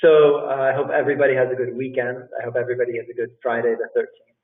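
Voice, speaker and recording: Racing along with a flat delivery at medium pitch, a middle-aged man who teaches English and runs a language school offers casual interview tips to learners during a live talk. He repeats phrases and keeps saying "guys." The recording sounds distant and tinny, phone-like, in an echoing room.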